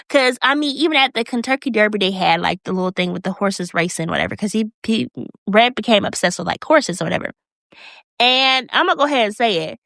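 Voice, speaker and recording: A woman hosting a casual recap review, telling the story in a chatty, animated way and acting out quotes. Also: mid-range voice, no room sound. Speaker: video recap host.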